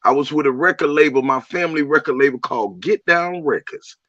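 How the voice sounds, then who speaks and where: Guy bragging crude about his songs, kinda high voice, muffled close recording. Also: expressive, fairly quick, a bit bright, no room sound. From Miami, USA. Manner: boastful, crude, streetwise. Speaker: musician guest. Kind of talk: casual interview chat. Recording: dull lo-fi audio.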